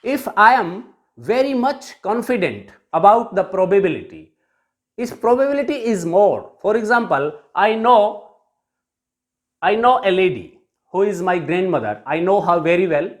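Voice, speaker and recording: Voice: mid-range voice, big pitch swings, normal speed. A teacher with an Indian English accent giving a recorded grammar lesson, repeating each point and switching between Hindi and English.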